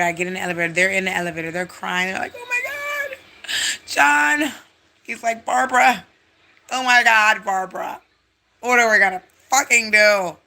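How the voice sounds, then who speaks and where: Animated, bright-voiced woman storyteller. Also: mid-range voice. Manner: animated, profane, dramatic. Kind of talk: casual storytelling.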